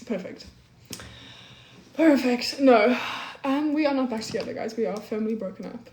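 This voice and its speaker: With lively intonation and a moderate pace, a livestream host in her twenties chats away, leaning on "like" and reading the chat out loud. Her voice is a little high and a little mellow, and the echoey room carries slight background noise.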